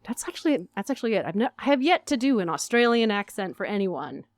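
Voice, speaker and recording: A woman from Arizona chatting as a guest in a radio interview, upbeat and quick to laugh at herself. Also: mid-range voice, sing-song, no room sound, clean studio sound. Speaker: guest, stage actor. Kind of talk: casual interview chat.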